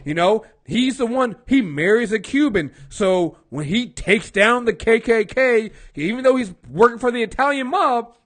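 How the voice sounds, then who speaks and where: A man's voice: very high voice, lively intonation, normal speed, few pauses, a bit bright. A man co-hosting a casual film review podcast, blunt and passionate, repeating words as he gets fired up, and he has been drinking.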